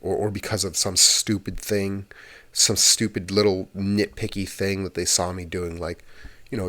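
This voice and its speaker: A young man with a deep, low-pitched voice talks in a loose, meandering way, hosting his ASMR channel. He drifts from point to point in a chatty monologue and swears casually now and then. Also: level tone, normal speed, pushed and bright.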